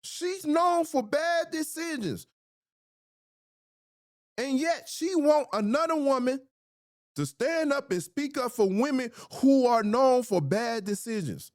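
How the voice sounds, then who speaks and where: A male host delivering blunt, provocative reaction commentary, leaning hard on his points. His pitch swings widely as he presses them, and the sound is dry and close with no room around it. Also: expressive, measured pace, no echo.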